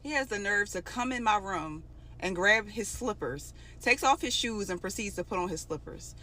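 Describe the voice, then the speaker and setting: A woman's voice: mid-range voice, expressive, normal speed, sharp tone, slight background noise. Emotional woman telling a story. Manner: emotional, conversational retelling. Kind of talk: casual storytime.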